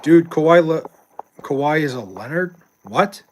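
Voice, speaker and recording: A man's voice: on the high side, lively intonation, a little slow, darkish tone, a little hiss or hum. A young adult man streaming live, chatting casually with viewers and reading chat, loose and profane with frequent laughs.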